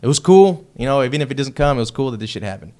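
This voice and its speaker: A man from Texas in his thirties or younger, a heavy metal band member, chatting as a podcast guest. His voice sits at an ordinary middle pitch, and he tells his story in a loose, excitable way, swearing freely as he goes. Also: racing. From Texas, United States. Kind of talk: casual storytelling chat.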